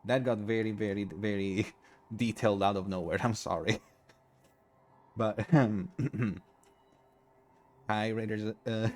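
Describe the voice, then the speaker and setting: A man streaming a game live, chatting in a rambling, giggly, apologetic way, tired and low on energy. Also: fairly even intonation, takes it slowly, pauses often, darkish tone, soft background music. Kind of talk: casual live-stream chat.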